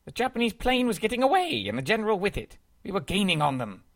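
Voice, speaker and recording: A man's voice: high-pitched, big pitch swings, fast talker. A man doing a pompous English explorer. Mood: bickering. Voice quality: pompous, fussy. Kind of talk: audio drama acting.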